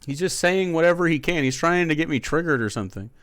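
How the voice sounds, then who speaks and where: A man's voice: on the high side, lively intonation, fast, a bit bright, smooth, dry recording, clean studio sound. A male streamer in casual live-stream chat, sarcastic and mocking as he argues with viewers.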